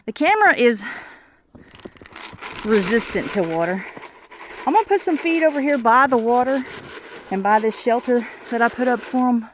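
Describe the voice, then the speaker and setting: A woman's voice: fairly high pitch, expressive, normal speed, long pauses, slight background noise. A woman, out of breath, chatting casually as she feeds her animals outdoors on a snowy farm, filmed on a tripod camera. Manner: chatty, talks to animals, thinks aloud. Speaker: homesteader vlogger. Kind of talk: casual narration while doing farm chores.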